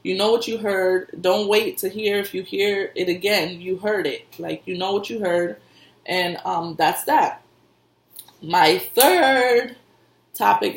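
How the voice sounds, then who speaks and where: Lady medium talking casual, kinda raspy fry, echoey room. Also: mid-range voice, slow. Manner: conversational, repeats herself, laughs often. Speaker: intuitive reader and medium. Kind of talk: casual spiritual advice talk.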